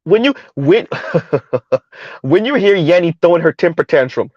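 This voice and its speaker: Animated, loud man ranting on his vlog. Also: fairly high pitch, a little slow, no echo, dull audio. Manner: loud, emphatic, repeats points, laughs at times. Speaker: commentary vlogger. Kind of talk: heated commentary rant.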